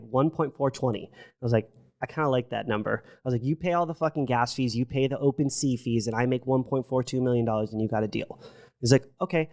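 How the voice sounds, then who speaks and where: A middle-aged man, a podcast guest, telling a story in casual chat, animated and profane, acting out what people said. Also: medium pitch. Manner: animated, profane, acts out quotes.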